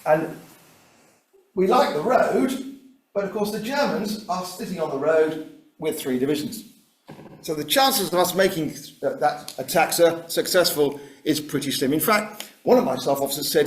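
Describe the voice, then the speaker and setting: A man giving a history lecture, acting out generals' conversations as a lively storyteller. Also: on the high side, moderate pace. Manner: animated storyteller voicing generals in dialogue. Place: lecture room. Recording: echoey room, Zoom recording.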